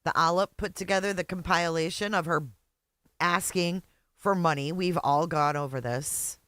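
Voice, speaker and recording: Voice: medium pitch, fairly even intonation, normal speed, fairly bright tone, no room sound. Sarcastic reaction streamer, dry sound. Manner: sarcastic, incredulous, greets chat. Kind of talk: live reaction commentary.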